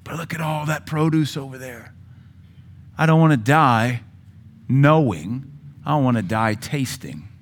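A middle-aged male pastor preaching a sermon, with forceful rises in volume and sudden quiet drops. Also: medium pitch, measured pace, long pauses.

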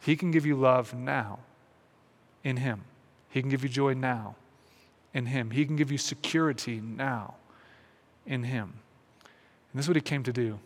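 A man giving a reflective, earnest sermon, often restarting phrases and slowing into soft, quiet pauses. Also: mid-range voice, in a large hall. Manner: earnest and searching, with many restarts and slow, softened pauses. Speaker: pastor.

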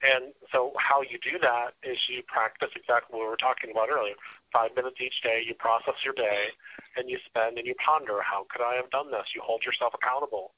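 A man talking earnestly as a radio guest, often restarting and filling pauses as he explains his ideas. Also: mid-range voice, fairly even intonation, bright, forceful tone. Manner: earnest, with frequent restarts and fillers. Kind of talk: casual interview talk. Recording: dull lo-fi radio sound.

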